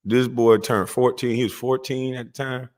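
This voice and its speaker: A middle-aged man telling a comic story about his family, profane and animated, laughing often. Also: mid-range voice, moderate pace. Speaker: vlogger. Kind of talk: comedic storytelling monologue. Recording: long echoey reverb.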